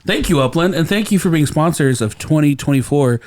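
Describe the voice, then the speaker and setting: A man's voice: fairly high pitch, animated, a little fast, darkish tone, no echo. A man hosting a comedy podcast, telling rambling stories and laughing often. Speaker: podcast host. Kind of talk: casual comedic chat.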